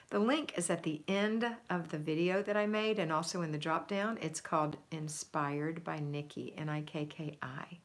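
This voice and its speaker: A middle-aged woman chatting on a home livestream, reading viewer comments aloud in an upbeat way, laughing and trailing off with ums. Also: low-pitched. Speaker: home organizing livestream host.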